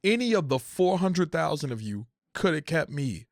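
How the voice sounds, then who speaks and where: A young man in an emotional, profane rant about unpaid creative work, repeating phrases and climbing toward shouting. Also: fairly high pitch, sing-song, moderate pace, no room sound, studio quality. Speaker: content creator.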